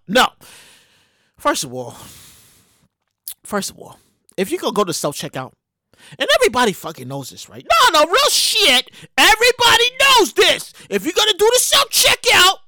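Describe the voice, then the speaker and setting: A woman hosting her own show, giving animated, profane comedic commentary on news stories and repeating her words as she riffs. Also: extremely high pitch, dry recording, clean studio sound. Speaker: podcast host.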